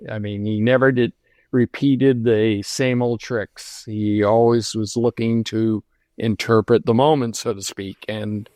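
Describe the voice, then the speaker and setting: A man in his seventies, a guest in an interview, telling stories from his career in a reflective, unhurried way with many pauses and restarts. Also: fairly low pitch, flat delivery, a little mellow, no echo. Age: 70s. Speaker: lighting designer guest. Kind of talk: conversational interview storytelling.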